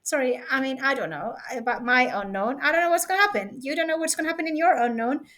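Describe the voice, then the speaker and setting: A woman's voice: high voice, fast talker, fairly bright tone. A Norwegian woman speaking English, talking into a webcam at home in a playful, giggly, rambling way. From Norway. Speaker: vlogger. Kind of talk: casual vlog chat.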